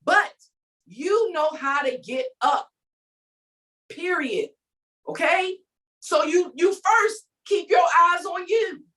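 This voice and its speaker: A woman's voice: very high-pitched, animated, slow, pauses often, bright, forceful tone, distant mic, rough recording. A woman giving an emphatic, preachy faith talk, calling out to her listeners as she vents. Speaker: faith vlogger. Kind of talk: inspirational rant.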